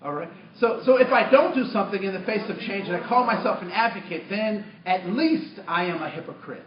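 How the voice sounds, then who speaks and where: A man giving a storytelling talk to a workshop audience as trainer, animated, acting out his own lines with many restarts. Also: high voice, fairly quick. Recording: distant roomy muffled room recording.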